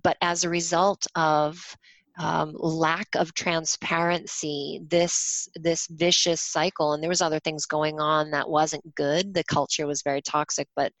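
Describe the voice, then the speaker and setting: A woman's voice: sits low, fairly bright tone, no echo, poor audio. A woman guest on a podcast, talking in a casual, rambling way with many fillers and restarts. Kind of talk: casual conversation.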